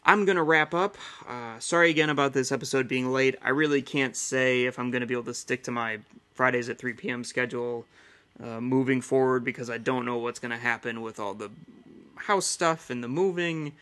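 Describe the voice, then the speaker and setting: A man's voice: mid-range voice, a little fast, a bit bright. A man in his thirties hosting a casual solo podcast, rambling and chatty with lots of fillers. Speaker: podcast host.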